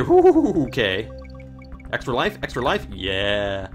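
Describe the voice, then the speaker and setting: A man's voice: medium pitch, sing-song, normal speed, faint music behind. A man giving casual, sarcastic commentary while he plays a video game, joking and swearing at it. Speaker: let's play host.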